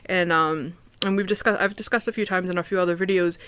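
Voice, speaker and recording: A woman talks to her camera from her own apartment in a loose, personal way. She stumbles and restarts often and leans on "like" and "um". Her voice comes through smooth and resonant, recorded close and dry. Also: fairly low pitch, steady tone, fairly bright tone, no room sound. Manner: halting, with many restarts and fillers, stumbles over words. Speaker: vlogger. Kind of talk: casual personal talk to camera.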